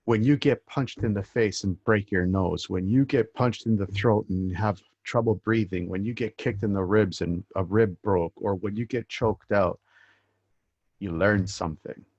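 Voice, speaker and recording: A man's voice: fairly low pitch, moderate pace, darkish tone, slightly rough, no echo. A man interviewing a guest in a reflective, casual way, repeating phrases for emphasis. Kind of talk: casual conversation. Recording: dull, dry, muffled sound.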